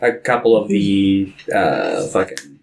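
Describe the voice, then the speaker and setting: A man co-hosting a podcast, talking about films in a relaxed, laid-back way with casual swearing. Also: low-pitched, slow pace, creaky. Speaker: podcast co-host. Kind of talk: casual film chat.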